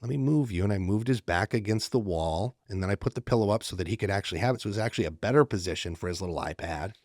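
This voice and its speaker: With a low voice and rapid-fire pace, this middle-aged podcast co-host narrates a story in casual chat, performing the quoted lines as an animated storyteller. The sound is studio quality, without room sound.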